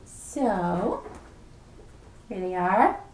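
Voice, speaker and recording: A woman librarian reading a picture book aloud at a preschool storytime, animated and playful, asking the children questions. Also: medium pitch, drawn-out words, slight background noise. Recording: echoey room.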